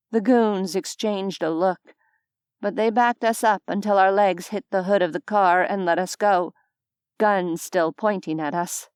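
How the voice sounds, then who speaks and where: Woman reading an audiobook, wry and even, dead dry close mic. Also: mid-range voice, a little slow, clear, resonant tone, dry recording. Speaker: audiobook narrator. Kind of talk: scripted first-person narration.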